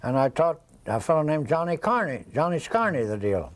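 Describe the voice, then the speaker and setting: This older man's voice sits fairly high and moves a little fast, very animated as he tells a meandering story for an interview. He imitates the people he's describing, and the audio is rough.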